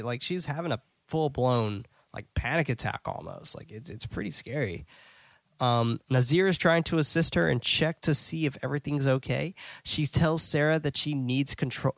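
A man's voice: mid-range voice, dry recording. Male podcast host, casual recapper, mid-range voice, dead-dry booth sound, chatty and unpolished. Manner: loose and chatty, with frequent fillers and self-corrections; blunt and excitable. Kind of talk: casual scene-by-scene movie recap.

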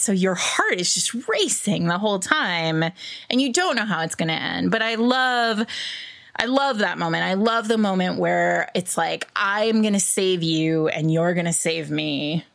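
A woman's voice: medium pitch, creaky, a bit bright. A woman hosting a podcast, chatting casually and rambling with many fillers and frequent laughs. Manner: rambling, full of "like" and "um", laughs often. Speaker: podcast host.

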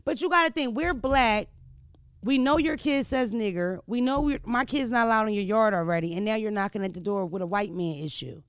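A man spins a profane comic story with a rough, gravelly edge to his voice. He keeps turning to the listener with quick rhetorical asides. The sound is dry and close, with no room around it. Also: sits high, no room sound. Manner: animated, crude, full of rhetorical asides. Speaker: comedian.

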